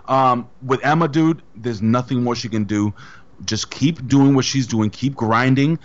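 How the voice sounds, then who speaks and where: A man's voice: mid-range voice, unhurried, muffled recording. A man co-hosting a podcast in casual chat, talking in a blunt, rambling and emphatic way. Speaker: podcast co-host.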